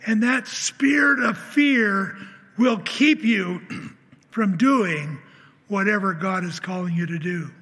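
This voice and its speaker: A man's voice: sits high, takes it slowly, sharp tone, slightly rough. A man preaching a sermon, telling a personal story in an earnest way, acting out the dialogue and often restarting his sentences. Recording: long hall reverb.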